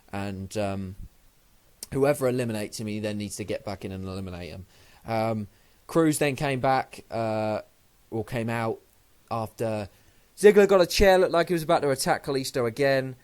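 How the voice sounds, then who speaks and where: A man casually reviewing a wrestling show on his own channel, rambling and swearing, and sounding like he just woke up. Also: mid-range voice. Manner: rambling, sweary, loses his train of thought. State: sleepy, just woken up. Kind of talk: casual solo review vlog.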